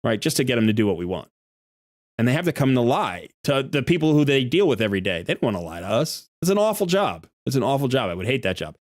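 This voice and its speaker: A man's voice: mid-range voice, very animated, quick pace, no room sound, clean studio sound. A male game streamer in a live stream, making an argumentative case with worked examples.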